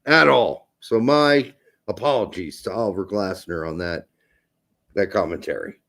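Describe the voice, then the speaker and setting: A man co-hosting a casual soccer podcast, animated, jokey and swearing freely. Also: on the low side, normal speed, gravelly. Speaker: podcast co-host. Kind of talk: casual sports chat.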